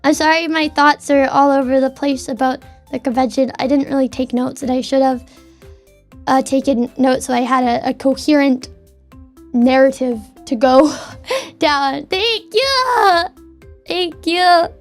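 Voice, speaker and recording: A woman's voice: high voice, a little slow, faint music behind. A young woman streamer chatting casually from her desk at home, stammering and repeating words as she talks heartfelt. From Canada. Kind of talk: casual chat.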